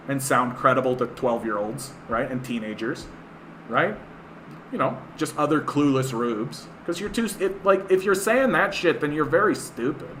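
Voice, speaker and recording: A man's voice: mid-range voice, expressive, moderate pace, a bit bright, a little hiss or hum. A man from Canada hosting a livestream of political commentary. He rants in a scornful way, repeating himself and using many fillers. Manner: scornful, repetitive, filler-heavy. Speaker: livestream host.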